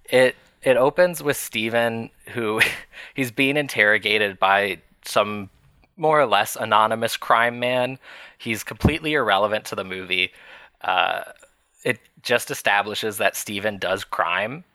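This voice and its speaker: A man's voice: on the low side, measured pace, sharp tone, no room sound. A man co-hosting a podcast in casual chat, rambling with fillers and small laughs. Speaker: podcast co-host.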